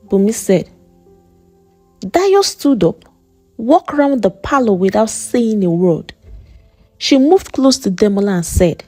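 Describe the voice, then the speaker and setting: A woman narrating a folktale in an animated, expressive way. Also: medium pitch, unhurried, dry recording, soft background music. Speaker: storyteller. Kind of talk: scripted story narration.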